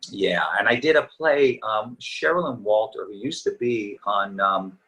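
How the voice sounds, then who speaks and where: A man's voice: fairly low pitch, a little slow, sharp tone, poor audio. A middle-aged actor chatting as a guest in a casual interview, easygoing and reminiscing, his voice a little tired from talking. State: slightly tired voice.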